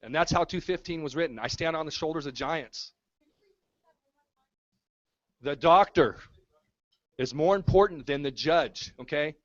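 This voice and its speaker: A man's voice: fairly high pitch, a little slow, long pauses, highs cut off. A man giving an impassioned speech at a community town hall, repeating his points to rally the room. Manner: fervent, repetitive rallying speech. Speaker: activist speaking at a town hall.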